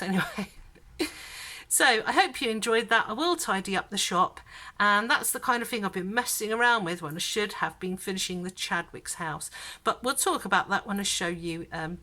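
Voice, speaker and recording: A woman's voice: mid-range voice, pushed and bright. A middle-aged woman from the south of England, chatting casually in a vlog at home and rambling with plenty of fillers and restarts. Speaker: vlogger.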